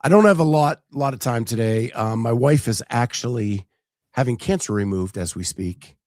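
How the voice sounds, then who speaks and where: A man's voice: mid-range voice, expressive, normal speed, darkish tone, no echo, clean studio sound. A man hosting a casual talk show, chatting loosely with plenty of fillers and restarts. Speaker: podcast host. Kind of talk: casual chat.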